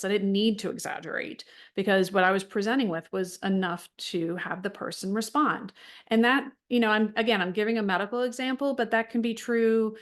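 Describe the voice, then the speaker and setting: Chatty, frank middle-aged woman. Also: mid-range voice. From United States. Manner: chatty, frank, many fillers and restarts. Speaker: wellness group leader. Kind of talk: casual talk to a support group.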